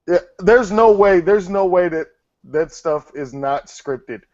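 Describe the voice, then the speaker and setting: A man's voice: high voice, slow pace, darkish tone, no room sound. A man hosting his own interview show, blunt, teasing and profane with his guest. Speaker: show host. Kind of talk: casual interview chat. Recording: dry, muffled lo-fi audio.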